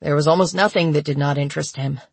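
Narrator doing a frail guy, fragile voice, a bit husky, quiet and dry. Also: medium pitch, fairly even intonation, fast talker, dry recording. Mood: subdued. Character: frail middle-aged man reading at a memorial.

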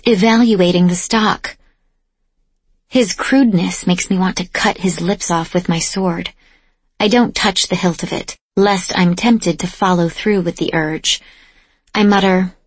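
A woman giving steady, measured first-person audiobook narration, close to the mic. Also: mid-range voice, husky, no room sound.

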